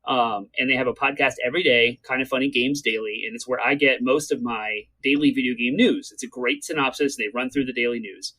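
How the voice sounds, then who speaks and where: Man, podcast co-host, earnest, quick-talking, casual chat, middle pitch. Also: fairly even intonation, pushed and bright, rough recording. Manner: earnest, talks quickly to get through points.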